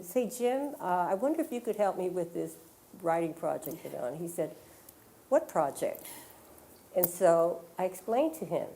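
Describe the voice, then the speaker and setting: A woman's voice: fairly low pitch, warm tone. An older woman, an author, telling a personal story to a library audience in a conversational way, acting out the lines of others as she goes. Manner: conversational, quotes others in dialogue, many fillers. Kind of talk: storytelling at a public talk. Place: public library, in front of an audience.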